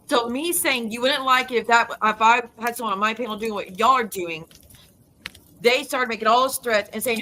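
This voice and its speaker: A woman's voice: medium pitch, brisk, pushed and bright, a little hiss or hum, poor audio. A woman YouTuber ranting in a casual vlog, heated and blunt, swearing freely and repeating her denials with emphasis. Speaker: YouTuber and live streamer.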